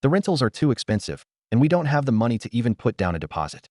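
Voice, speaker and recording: A man's voice: mid-range voice, big pitch swings, quick pace, darkish tone, no echo, clean studio sound. A man voicing a desperate adult sister and mother who pleads, then turns furious, in a story reading. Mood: pleading.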